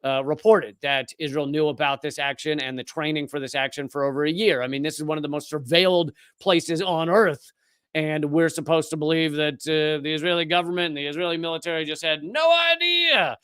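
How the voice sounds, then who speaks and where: A man's voice: on the high side, steady tone, brisk, a bit bright, clear, resonant tone, no room sound, clean studio sound. A man hosting a live political commentary show, speaking indignantly with sarcastic asides.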